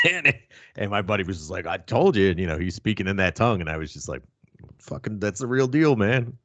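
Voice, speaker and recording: A man's voice: deep voice, wildly swooping pitch, fast talker, a bit bright, no room sound. A man hosting a casual wrestling podcast, telling stories with a lot of swearing and laughter. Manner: profane, laughing, storytelling. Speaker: podcast host.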